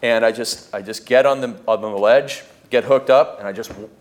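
A man talking as a podcast guest, telling stories in a lively way and acting out what he and others said. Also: medium pitch, moderate pace. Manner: animated, acts out his own quotes and screams. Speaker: podcast guest, entrepreneurship coach. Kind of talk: casual interview storytelling.

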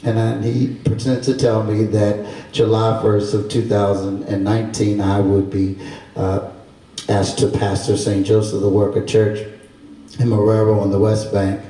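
A middle-aged man from Baltimore, a priest, telling a lively testimony to a congregation and acting out the voices of people in his stories. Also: lowish voice, measured pace. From Baltimore, Maryland. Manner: animated storyteller, acting out voices with laughter. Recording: echoey room, distant mic.

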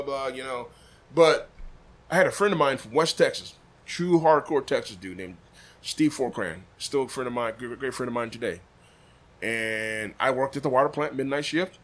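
This is a pitmaster from Des Moines in a casual podcast chat, telling a story with lots of energy. He acts out the dialogue as he goes, and his voice sits a bit high for a man. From Des Moines, Iowa. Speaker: podcast guest, barbecue pitmaster. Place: room above a butcher shop.

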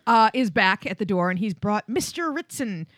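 A woman's voice: medium pitch, lively intonation, moderate pace, fairly bright tone, no room sound, studio quality. A woman co-hosting a casual podcast, retelling a film's plot with wry comebacks. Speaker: podcast co-host recapping the plot. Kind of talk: casual movie recap chat.

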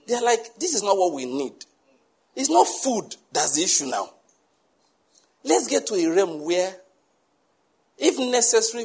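A man's voice: high voice, husky. A man preaching a sermon, emphatic and full of rhetorical questions to the congregation.

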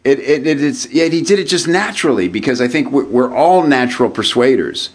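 A man on a podcast as a guest copywriter, telling a story in an animated way, often restarting and repeating words. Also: mid-range voice, brisk. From United States. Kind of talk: conversational storytelling.

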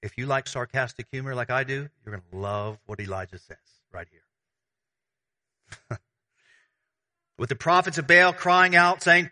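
A man preaching a sermon as pastor, conversational and animated, with everyday analogies. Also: medium pitch, a little slow, long pauses.

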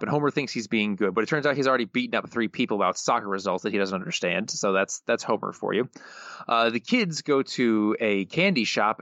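A man's voice: medium pitch, fairly bright tone, no room sound. A man co-hosting a podcast, loosely recapping plot with many fillers. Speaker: podcast co-host. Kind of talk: casual chat. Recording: dull, dry podcast mic.

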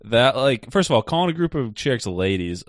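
A man's voice: medium pitch, very animated, normal speed. A young man bantering in a laid-back, profane casual chat as a podcast co-host.

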